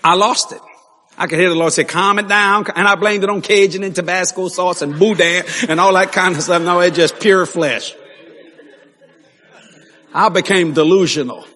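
A man preaching a sermon, telling stories animatedly with laughs and sudden shouts. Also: high-pitched, fairly even intonation, moderate pace. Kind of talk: sermon storytelling. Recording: long hall reverb.

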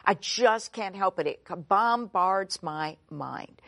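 A woman's voice: medium pitch, animated, slow pace, vocal fry, fairly bright tone, no room sound, heavily acted. A woman voicing an anxious, overwhelmed churchgoer who pleads in frustration. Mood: pleading.

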